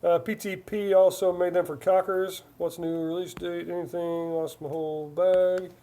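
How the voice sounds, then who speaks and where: Chatty man in his forties, higher voice. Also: flat delivery, moderate pace, dark tone. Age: 40s. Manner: rambling, chatty, reads chat aloud. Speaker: livestream host. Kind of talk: casual live-stream chat.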